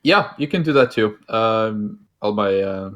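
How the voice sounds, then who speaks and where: A slightly low-voiced man talks casually as a guest, explaining game tips. He is relaxed and pauses with frequent hesitations as he goes. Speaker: guest player. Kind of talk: casual chat.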